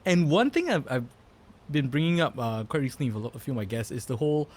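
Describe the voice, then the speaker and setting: A man's voice: medium pitch, lively intonation, quick pace, slight background noise. A man in his thirties hosting a podcast, rambling with many fillers and restarts in casual chat. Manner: rambling, filler-heavy, laughs easily. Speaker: podcast host.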